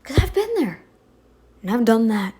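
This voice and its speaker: A woman's voice: fairly high pitch, very animated, moderate pace, dark tone. A woman giving a casual reaction commentary, arguing emphatically back at a video she is watching. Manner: emphatic, argumentative, talks back to the clip.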